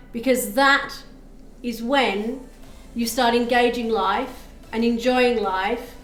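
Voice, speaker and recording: A woman giving a live tarot reading on stream, chatting with viewers and thanking them as she explains the cards. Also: high voice. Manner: chatty, reads chat aloud, thanks viewers. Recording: echoey room with faint music.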